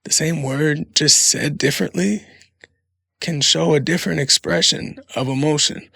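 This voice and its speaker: Man, thirties, podcast host, casual monologue, profane, laughing, gravelly, dry room. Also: on the high side, normal speed, bright, forceful tone, no echo. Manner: profane, laughing, rambling storyteller.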